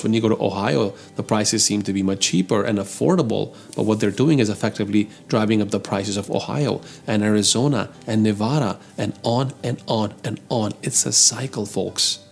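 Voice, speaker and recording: A man's voice: on the low side, vocal fry. A man hosting an opinionated commentary show on the economy. He talks emphatically, calls his listeners "folks" and grows heated as he argues. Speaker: host.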